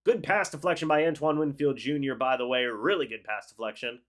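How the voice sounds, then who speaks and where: A young man hosting a live football reaction stream, calling the plays and chatting with viewers in an excitable, talkative way. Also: mid-range voice, a little fast. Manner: excitable, chatty, reads chat aloud and calls plays. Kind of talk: live game reaction with play-by-play and chat replies.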